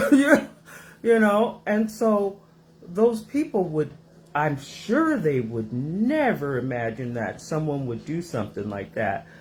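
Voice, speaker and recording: A woman's voice: sits low, slow. Woman host just chatting from her kitchen, voice swoops up and down a lot, takes her time. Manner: animated, rambling, acts out voices in her stories. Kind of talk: casual storytelling to viewers. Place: home kitchen.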